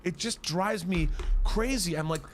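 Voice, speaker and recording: A man's voice: sits high, a little slow, a little hiss or hum. A man on a podcast giving an impassioned, exasperated rant about films, often repeating words as he gets worked up. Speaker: podcast host in a played clip.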